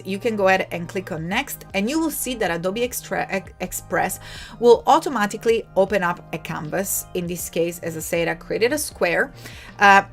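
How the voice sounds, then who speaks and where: Italian accent lady doing a live design stream, chatty, talks to the chat, soft music in the back. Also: medium pitch. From Italy. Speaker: livestream host. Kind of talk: casual live design tutorial.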